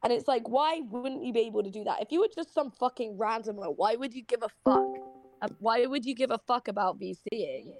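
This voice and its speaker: A woman's voice: a little high, lively intonation, brisk, over music. Blunt ranting woman, slight British lilt. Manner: blunt, profane, ranting with restarts. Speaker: voice chat participant. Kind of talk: casual voice chat. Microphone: computer mic in voice chat.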